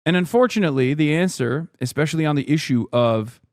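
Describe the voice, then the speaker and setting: Male streamer in his thirties, casual and blunt, slightly higher voice, dry close-mic sound. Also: darkish tone, no room sound. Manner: blunt, profane, mocking, fast asides; jumps into high sarcastic voices to mimic others. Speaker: streamer reacting to videos and chat. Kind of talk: casual livestream commentary.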